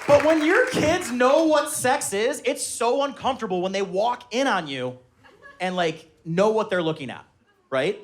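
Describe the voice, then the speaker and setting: Animated high-voiced stand-up comedian man. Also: a little slow, some chatter behind, slight background noise. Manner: animated storytelling, shouting high-pitched voices when acting out his kids. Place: live comedy venue with laughing audience.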